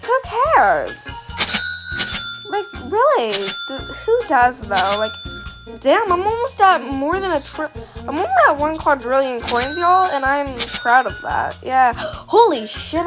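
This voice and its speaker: A young woman who makes gaming videos chats casually and self-consciously while she plays, rambling, apologizing and swearing. Her voice sits high with big swings in pitch, and she takes things slowly over music.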